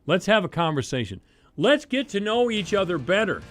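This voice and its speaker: A man with a Midwestern American accent delivers a talk radio monologue, his pitch leaping and diving with every point. He sounds heated and sarcastic, jumping from sudden loud bursts down to low, grumbling asides. His voice sits a touch higher than most men's. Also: big pitch swings, moderate pace, soft background music. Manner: heated, sarcastic, swings between shouting and muttering. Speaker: radio talk show host.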